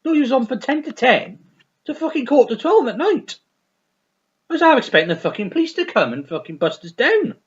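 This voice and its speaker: A man's voice: extremely high pitch, sing-song, fairly quick, dull audio. Rambling, sweary man reviewing records. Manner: rambling, repetitive, sweary, enthusiastic. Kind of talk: casual unscripted chat.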